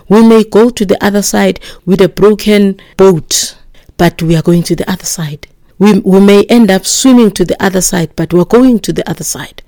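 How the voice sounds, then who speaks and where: A woman preaches a sermon with emphatic repetition and now and then sinks into a breathy whisper. Her voice sits low and mellow. The sound is close and dry, with no room echo.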